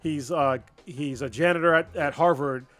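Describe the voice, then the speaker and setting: A man's voice: fairly high pitch, normal speed, soft background music. A man co-hosting a podcast, telling a story with lots of swearing and acting out the characters' lines. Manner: profane, animated storyteller who acts out the characters' lines. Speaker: podcast co-host. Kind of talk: casual chat, retelling a story.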